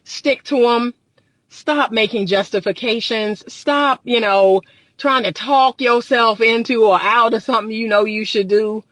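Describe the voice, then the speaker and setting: Woman coach, high voice, preachy and emphatic, dry close phone mic. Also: unhurried, a bit bright, no echo. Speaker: dating and relationship coach. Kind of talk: live-streamed monologue.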